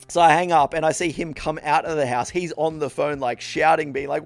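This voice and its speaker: A man's voice: on the high side, steady tone, fairly quick, gravelly, no echo, soft background music. A man co-hosting a podcast, telling comic stories with frequent laughter and swearing, often tripping over his words. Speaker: podcast co-host. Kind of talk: casual chat, comic storytelling.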